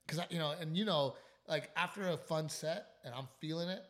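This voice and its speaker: Fairly high in pitch and brisk, this man is a South Texas comedian hosting his podcast. He's sick and underslept, so his animated, sweary storytelling keeps trailing off into fresh restarts.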